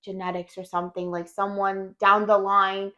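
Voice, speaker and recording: A woman's voice: mid-range voice, little pitch movement, moderate pace, sharp tone. A woman co-hosting a podcast, telling a story in casual chat, blunt and profane, and laughing often. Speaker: podcast co-host.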